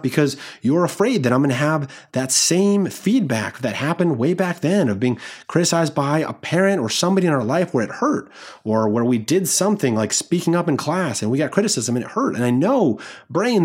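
A male podcast host delivers a motivational self-help monologue, his pitch swinging widely as he goes. His voice has a slightly husky, breathy edge, and he speaks in an earnest, encouraging tone straight to the listener. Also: sing-song, a little fast.

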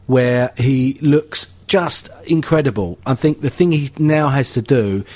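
A man's voice: medium pitch, unhurried, a little mellow, no echo. A man talking football on a casual podcast, thinking aloud with frequent restarts. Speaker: pundit.

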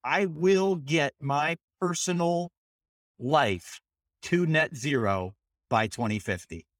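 A man co-hosting a podcast, speaking deliberately with wry humor. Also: on the high side, a bit bright, no room sound, clean studio sound. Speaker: podcast co-host. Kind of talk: casual podcast chat.

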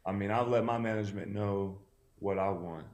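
A man's voice: on the low side, steady tone, normal speed, a little mellow. A man in his thirties, a boxer guest, telling his story on a podcast in a laid-back way with lots of fillers. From Tennessee. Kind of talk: casual podcast interview.

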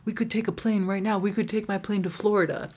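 A boastful man with broken English presses his luck, insistent and pitched up high, as a woman quotes him on her podcast. The voice stays husky and breathy. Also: steady tone, fast talker, a little mellow, natural voice.

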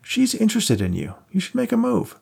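A man's voice: high voice, huge pitch swings, a little fast, creaky, darkish tone, breathy edge, voice pushed up, exaggerated voice. A man voicing a cocky, wisecracking male cop buddy in an audiobook, teasing and joking, raised above his own voice. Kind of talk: audiobook character voice.

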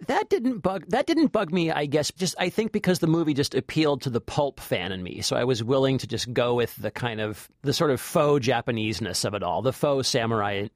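Animated chatty male podcast critic. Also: mid-range voice, fairly quick, few pauses, no room sound, clean studio sound. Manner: animated, chatty, frequent fillers and restarts. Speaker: film critic podcast co-host. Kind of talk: casual movie review chat.

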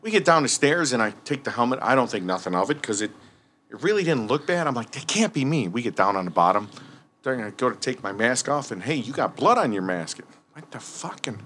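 In a fast, medium-pitched voice over slight hiss or hum, a man trades firefighting stories in casual, profane conversation. He's animated and acts out what people said.

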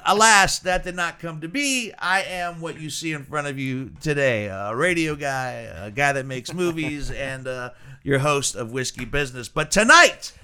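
A man hosting a casual podcast chat over whiskey, with a lively, playful showman's delivery. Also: on the high side, moderate pace, clear, resonant tone. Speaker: podcast host.

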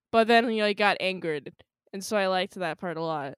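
A woman's voice: mid-range voice, normal speed, clear, resonant tone, no room sound, clean studio sound. A woman guest on a film review podcast, chatting casually and acting out characters' lines as she retells scenes. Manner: animated, acts out characters' lines. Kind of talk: casual chat.

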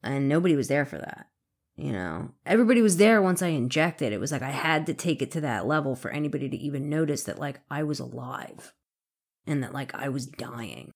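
A woman frankly telling her own story, halting and candid, with occasional swearing. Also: rumbling low, lively intonation, a little mellow. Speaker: interviewee in recovery. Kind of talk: emotional personal storytelling.

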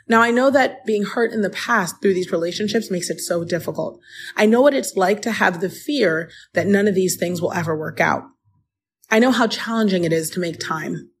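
A woman podcast host telling a personal story in an earnest, encouraging way, speaking straight to the listener as a friend. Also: mid-range voice. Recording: music playing underneath.

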